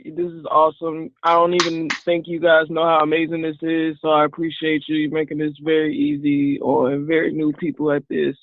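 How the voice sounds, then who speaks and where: A man's voice: a little high, no echo. A man calling into a coaching group call, hesitantly thanking the hosts and asking a question. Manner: grateful, hesitant. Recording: tinny phone-line call audio.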